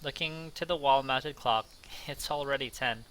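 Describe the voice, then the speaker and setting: A man's voice: medium pitch, moderate pace, a bit bright, low-quality recording. A man hosting a let's play, reading visual novel narration aloud with casual, jokey asides.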